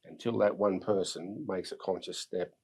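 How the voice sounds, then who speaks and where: Husky low-voiced Australian man in his sixties. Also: steady tone, moderate pace. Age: 60s. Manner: earnest, reflective, with soft laughs. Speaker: podcast guest. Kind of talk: personal storytelling.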